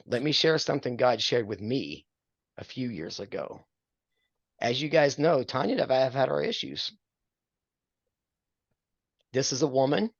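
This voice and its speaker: A man's voice: medium pitch, gravelly, no echo, highs cut off. An older man counseling a married couple, earnest and preacherly, quoting scripture with a self-deprecating streak. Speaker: marriage mentor.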